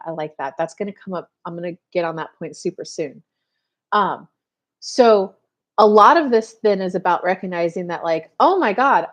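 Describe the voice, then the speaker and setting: A woman, a spiritual coach hosting a casual live show and chatting straight to her viewers with many fillers. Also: mid-range voice. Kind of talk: casual live-stream chat.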